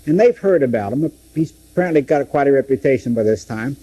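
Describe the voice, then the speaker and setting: A man's voice: medium pitch, animated, fast talker, mellow, slightly rough, low-quality recording. A man teaching through a Bible book, dramatically acting out the quoted speeches. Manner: dramatic, acts out scripture quotes.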